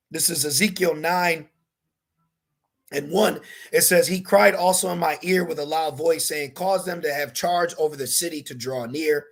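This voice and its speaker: A street preacher with a gravelly, husky, fairly high voice gives an informal sermon in a casual, slangy style, repeatedly saying "man" and "all right."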